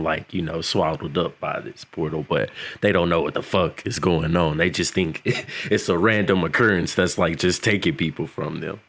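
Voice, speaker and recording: A man's voice: low voice, fairly bright tone. A man co-hosting a casual podcast, chatting about an episode, laughing often and acting out characters' lines. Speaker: podcast co-host. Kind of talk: casual show recap chat.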